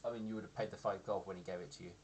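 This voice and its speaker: A man with a somewhat low voice narrates a tabletop game as its game master. He talks haltingly, with many ums and restarts. Faint noise hums under the recording. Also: steady tone.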